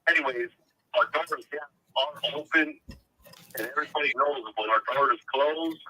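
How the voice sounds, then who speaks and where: A man calling in by phone to a casual chat, laid-back and halting as he repeats his words. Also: on the high side, sharp tone, a little hiss or hum, poor audio. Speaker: caller. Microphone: phone call.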